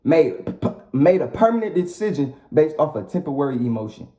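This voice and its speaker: A man's voice: on the high side, big pitch swings, a little fast, dark tone. A man ranting casually as a vlogger, blunt and profane, with lots of repetition. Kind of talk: casual rant to the camera. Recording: roomy echo.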